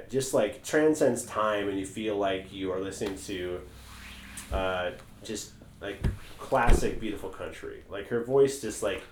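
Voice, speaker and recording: A man co-hosting a podcast, chatting casually in a rambling, animated way and swearing freely. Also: on the low side. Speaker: podcast co-host. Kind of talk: casual chat. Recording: echoey room.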